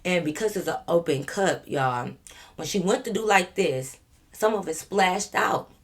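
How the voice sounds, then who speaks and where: A woman vlogger tells a story to camera in a loose, casual way. Her voice sits low, and she speaks emphatically with a lot of swearing. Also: a little slow. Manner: animated, profane, emphatic.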